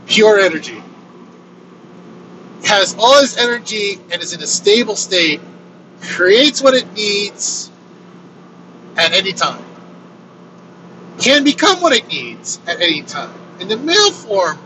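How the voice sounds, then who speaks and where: High-voiced man telling a story in a car. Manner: animated, swears freely, acts out quoted lines. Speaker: vlogger telling his own story. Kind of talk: casual storytelling. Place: inside a moving vehicle on a road trip. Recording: road noise from a moving vehicle.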